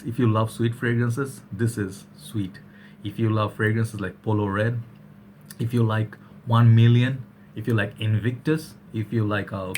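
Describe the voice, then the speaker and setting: Chatty low-voiced man. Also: a little hiss or hum. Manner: chatty, energetic, keeps saying "all right". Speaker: fragrance reviewer. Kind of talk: casual chat to camera.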